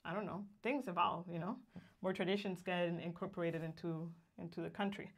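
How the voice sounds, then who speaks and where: A woman's voice: fairly low pitch, steady tone, a little fast. A young woman from Guatemala co-hosting a casual livestream, reading viewer greetings aloud and laughing often. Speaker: co-host of a livestream.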